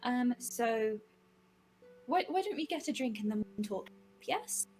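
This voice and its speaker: A woman's voice: a little high, animated, a little slow, a little mellow, soft background music. A woman playing in a tabletop role-playing game, talking casually in character with frequent hesitations. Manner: casual, hesitant, lots of ums. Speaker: player.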